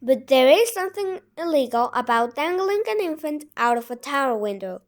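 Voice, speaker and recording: A woman's voice: sits high, sing-song, normal speed. A woman reading the lines of a kind woman judge in a storybook audiobook, indignant toward a villain and fond of children. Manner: indignant, warm.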